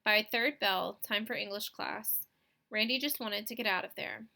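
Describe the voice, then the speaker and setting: A woman narrating a children's novel in a clear, expressive reading voice. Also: medium pitch, moderate pace. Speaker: audiobook reader. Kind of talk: scripted storybook narration.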